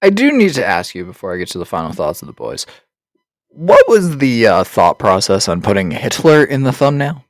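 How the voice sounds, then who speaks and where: Lowish guy hosting a podcast, crude jokes, dry close mic. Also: very animated, fairly quick, few pauses, dry recording, faint music behind. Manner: crude, joking, laughs often. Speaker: podcast host. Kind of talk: casual podcast chat.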